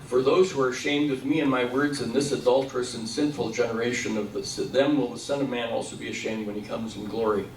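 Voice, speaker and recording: A man's voice: mid-range voice, steady tone, quick pace, hardly any pauses, darkish tone. Man lecturing in an echoey church hall. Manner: asks the room questions and answers them. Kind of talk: Bible study lecture. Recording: echoey room, mic at a distance.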